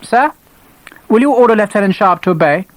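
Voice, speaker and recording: A man doing a high, officious young lieutenant. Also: lively intonation, a little fast, no room sound, low-quality recording. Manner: curt, commanding.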